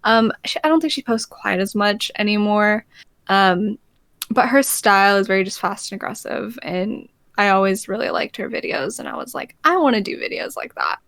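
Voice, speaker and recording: A woman's voice: medium pitch, normal speed, a bit bright, no room sound. A young woman being interviewed as a guest streamer, laid-back and giggly, saying "like" a lot. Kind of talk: casual interview chat.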